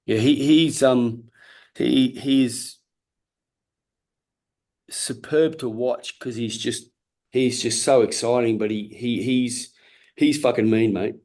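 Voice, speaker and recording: A man's voice: medium pitch, steady tone, takes it slowly, long pauses, darkish tone. A tired Australian man in his forties, a former boxer chatting as an interview guest, blunt and profane, often repeating himself and restarting sentences. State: tired and yawning. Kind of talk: casual interview chat.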